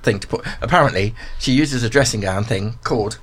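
A man's voice: mid-range voice, a little fast, fairly bright tone. A man presenting a morning radio show, chatting in a jokey, teasing and rambling way with his co-hosts and guest. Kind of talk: breakfast radio chat.

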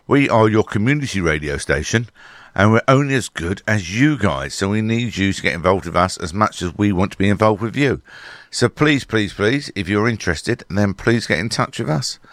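A rambling, jokey man hosting local radio from a studio mic. His voice is low-pitched yet bright and forward, and the room is very dry. He talks casually and fills gaps with ums and asides. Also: dry recording. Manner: rambling and jokey, with many fillers. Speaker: radio presenter. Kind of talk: casual radio chat and traffic report.

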